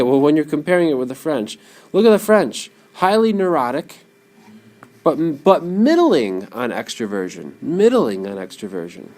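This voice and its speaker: A man giving a classroom lecture, animated and often putting questions to his students. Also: medium pitch.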